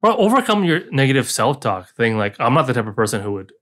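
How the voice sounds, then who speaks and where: A man's voice: mid-range voice, sing-song, quick pace, fairly bright tone. A man co-hosting a podcast in casual chat, joking and often checking in with "right?". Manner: joking, affirming with frequent "right?". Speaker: podcast co-host.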